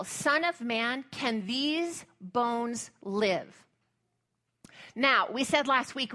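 Bright-voiced woman pastor preaching. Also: a little high. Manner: chatty, humorous preaching with scripture reading. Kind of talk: sermon.

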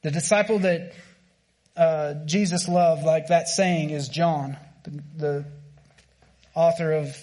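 A man's voice: a little high, steady tone, slow pace, long pauses, a little mellow. A man with an American accent preaching a casual, conversational sermon, full of fillers and restarts.

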